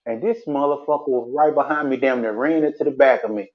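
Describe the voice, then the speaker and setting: A man's voice: medium pitch, fairly even intonation, quick pace, highs cut off. A man telling a rambling, profane story about run-ins with police in casual chat, laughing as he goes.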